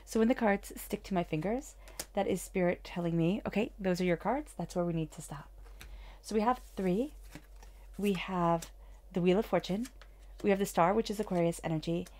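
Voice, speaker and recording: A woman doing a tarot reading in a soft, soothing, upbeat manner. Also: lowish voice, moderate pace, a little hiss or hum. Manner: soft, soothing and upbeat, with whispered meditation passages. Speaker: tarot reader.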